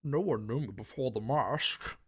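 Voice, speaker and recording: A man doing a booming masked movie villain. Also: moderate pace, slightly rough. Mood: theatrical. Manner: loud, theatrical impression. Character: muffled masked male movie villain, imposing.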